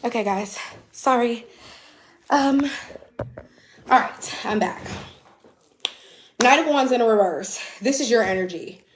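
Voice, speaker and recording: A woman's voice: a little high, slow pace, long pauses, echoey room, a little hiss or hum. A woman giving a casual, blunt live tarot reading, chatty and swearing now and then. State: out of breath. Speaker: tarot reader.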